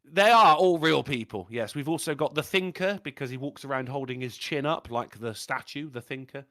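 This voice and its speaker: A man's voice: mid-range voice, normal speed, dry recording, clean studio sound. A man co-hosting a casual podcast, telling pub stories with lots of swearing and laughter. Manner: animated storyteller, swears a lot, laughs often. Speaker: podcast co-host. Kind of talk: casual chat.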